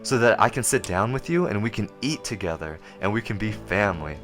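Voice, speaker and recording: A man voicing a gentle, loving teacher who speaks softly, calmly and invitingly. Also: fairly low pitch, brisk, faint music behind. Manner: soft, calm, inviting.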